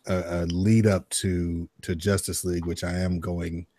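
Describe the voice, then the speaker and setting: A man in his thirties co-hosting a casual podcast, relaxed and rambling with enthusiasm. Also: deep voice, unhurried. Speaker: podcast co-host.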